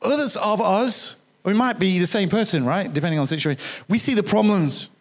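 A man's voice: sits high, a little fast. A man preaching a sermon in a conversational way, repeating key phrases for emphasis. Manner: jokes with the congregation.

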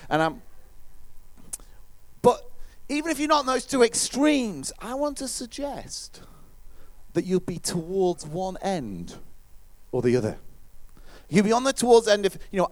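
A man's voice: high voice, a little slow, pauses often. A man preaching a conversational sermon, now and then acting out what his listeners might say. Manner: lively, conversational, acts out listeners' voices.

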